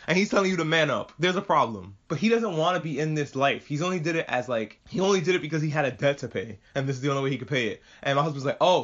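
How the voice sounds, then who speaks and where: A man chatting casually and excitedly as a podcast host reviewing an anime, swearing freely and rambling. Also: on the high side. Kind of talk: casual chat. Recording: muffled lo-fi audio.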